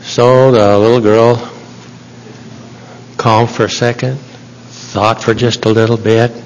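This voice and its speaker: Slow, deliberate male storyteller. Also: medium pitch, level tone, muffled recording, slight background noise. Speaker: state representative. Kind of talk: telling an anecdote in floor debate. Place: legislative chamber.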